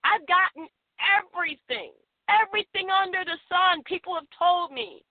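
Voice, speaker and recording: A high-pitched woman hosting a motivational radio show, pressing her points with emphatic repeated affirmations. Her voice comes through a narrow, phone-like band with a dry, close sound. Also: animated, moderate pace, dry recording. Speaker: radio host.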